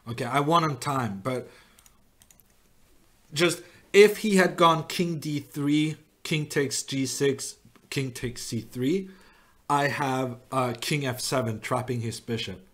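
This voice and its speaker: Guy streaming chess, talks slow, mid pitch, muses out loud and pokes fun at himself. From Norway. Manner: thinking aloud, wry self-mocking. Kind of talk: live chess commentary.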